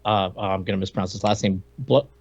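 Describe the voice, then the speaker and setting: A man's voice: low-pitched, fairly quick, creaky, darkish tone, breathy edge, muffled recording. A man co-hosting a podcast, chatting casually and fumbling over names. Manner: rambling, hesitant with names. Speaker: podcast co-host.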